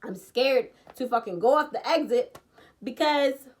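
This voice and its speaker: A woman's voice: lively intonation, a little slow. Profane woman telling a storytime. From Baltimore, USA. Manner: profane, dramatic, swings between loud outbursts and low asides. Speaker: vlogger. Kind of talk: emotional storytime.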